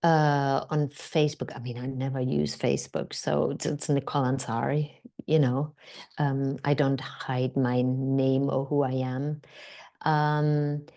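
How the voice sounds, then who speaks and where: A woman's voice: extremely low pitch, unhurried. A middle-aged woman, a guest actor and director, chatting in an interview and telling stories with many fillers and restarts, acting out what others said. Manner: animated storyteller, acts out quoted voices, many fillers and restarts. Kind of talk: casual interview conversation.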